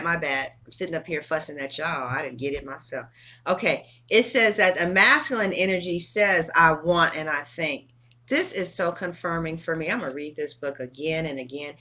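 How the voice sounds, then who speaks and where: Woman, middle-aged, from California, tarot vlogger, bright tone, casual, emphatic, swears. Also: fairly low pitch. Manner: chatty, emphatic, swears freely. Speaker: tarot reader. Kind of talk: casual chat to viewers.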